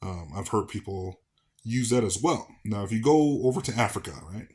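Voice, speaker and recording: A man's voice: fairly low pitch, animated, normal speed, a little mellow. A man from the American South talking casually to camera as a vlogger, rambling with fillers and restarts. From Southern United States.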